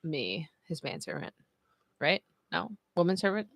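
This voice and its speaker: A chatty woman hosts a relaxed live stream and tells a story at an easy pace. Her speech is full of "like" and "you know," and she laughs often as she talks. The recording is close and dry, with no room sound. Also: fairly low pitch, measured pace, gravelly, dry recording. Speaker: livestream host.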